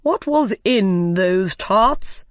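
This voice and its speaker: A woman voicing a bossy, threatening storybook king who speaks slowly and loudly. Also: high voice, expressive, no room sound, clean studio sound, heavily acted. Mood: stern. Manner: slow, loud, commanding. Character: stern bossy king, middle-aged man, threatening.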